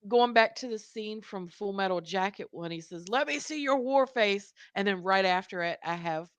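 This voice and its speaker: A woman co-hosting a casual live stream from home, speaking slowly with frequent giggles and agreeing murmurs. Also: medium pitch, clean tone, no room sound. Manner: slow-spoken, giggly, lots of agreeing murmurs.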